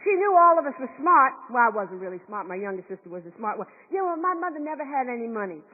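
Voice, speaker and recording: A woman's voice: on the high side, big pitch swings, quick pace. A woman performing a fervent middle-aged school principal on a concert hall stage, telling stories emphatically and acting out the voices of the people she quotes. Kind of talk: verbatim theatre monologue. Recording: echoey hall, thin tinny sound.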